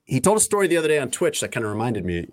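A man's voice: medium pitch, very animated, very fast. A man hosting a radio talk show, rambling and teasing his co-hosts in casual chat. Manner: rambling, teasing, meandering asides.

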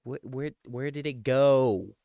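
A man's voice: medium pitch, slow, dark tone, no room sound. Dry-voiced young man asking pointed questions. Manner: interrogating, disgusted wisecracks. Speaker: podcast co-host. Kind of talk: crude casual chat.

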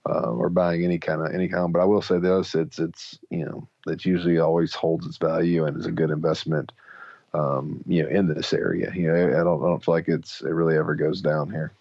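A man's voice: sits low, level tone, gravelly, a little mellow, no room sound, dull audio. A man, co-hosting a podcast in loose casual chat with many fillers and restarts. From Mississippi. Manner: halting, full of fillers and restarts. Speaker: podcast co-host.

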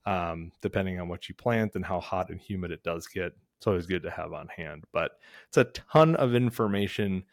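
Low-voiced man giving casual advice. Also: moderate pace, dry recording, clean studio sound. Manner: conversational advice, repeats and restarts. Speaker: podcast host. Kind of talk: casual how-to chat.

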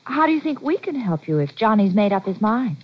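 A woman playing a loyal, brisk sidekick to a detective in 1940s radio acting. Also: mid-range voice, sing-song. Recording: dull lo-fi old radio recording.

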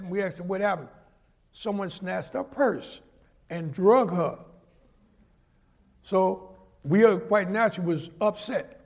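A man's voice: sits high, gravelly. A man, telling stories in an interview and acting out the people he quotes. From New York. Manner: animated storyteller who acts out the people he quotes. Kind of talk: storytelling interview.

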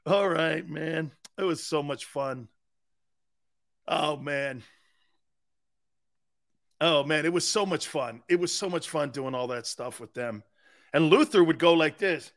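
A man's voice: fairly high pitch, slow pace, long pauses. A man hosting a sports talk show, telling rambling stories, laughing often and acting out the voices of people he quotes. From Sicilian-American heritage. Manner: laughs often between lines. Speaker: sports radio host.

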